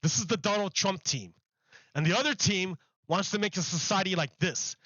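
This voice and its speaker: A man's voice: high-pitched, moderate pace, pushed and bright, no echo, muffled recording. A man on a live stream ranting about politics, emphatic and mocking, repeating himself for effect.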